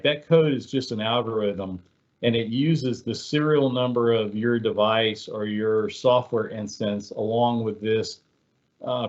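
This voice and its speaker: A man's voice: fairly low pitch, muffled recording. Man presenting a security webinar. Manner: conversational, filler-heavy, storytelling. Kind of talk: casual explanatory presentation.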